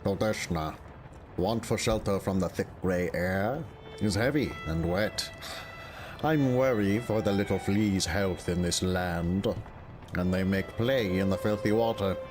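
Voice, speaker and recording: A man voicing a weary, fussy flea who grumbles slowly in broken grammar. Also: low voice, music in the background.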